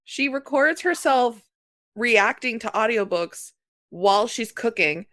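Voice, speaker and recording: Chatty woman podcast co-host, fairly high voice. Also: a little slow, no echo, clean studio sound. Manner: chatty, animated storytelling, frequent "like". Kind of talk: casual chat.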